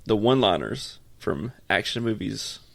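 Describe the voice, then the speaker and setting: A man's voice: lowish voice, lively intonation, moderate pace, gravelly, a bit bright, dry recording. A young man co-hosting a casual podcast chat, laughing often as he leads a ranking game. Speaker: podcast co-host.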